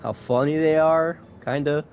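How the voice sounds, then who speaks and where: A man co-hosting a podcast in casual chat, relaxed and a little hesitant, often laughing. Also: on the high side, a little slow, dull audio, a little hiss or hum. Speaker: podcast co-host.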